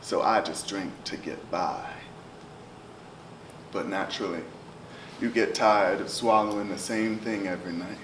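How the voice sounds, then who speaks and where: A man's voice: fairly low pitch, fairly even intonation, measured pace, pauses often. Man performing spoken word, roomy and distant. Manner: rhythmic, chanting, swings from loud to hushed. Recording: roomy, distant live recording with noise.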